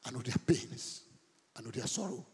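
Male pastor, passionate sermon, raised voice, husky, live in an echoey church hall. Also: medium pitch, expressive, normal speed. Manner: impassioned preaching, rising to shouts.

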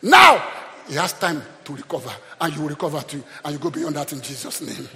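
A man preaching a sermon in a church, animated, rising to shouts and acting out the characters of the story he retells. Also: fairly high pitch, fast. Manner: animated, shouting peaks, acts out Bible characters. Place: church hall. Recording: long hall reverb.

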